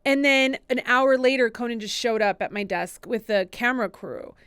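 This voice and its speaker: Woman guest, 30s, chatty storyteller, smooth higher voice, dry close sound. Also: normal speed, no echo. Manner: chatty, many "like" fillers, animated retellings. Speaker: podcast co-host and assistant, guest. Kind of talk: casual interview storytelling.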